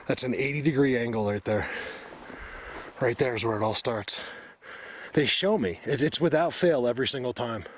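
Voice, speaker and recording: A man's voice: medium pitch, normal speed, a little hiss or hum. A man filming himself on a forest hillside, out of breath and insistent as he points things out to viewers. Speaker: vlogger. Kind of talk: outdoor field vlog.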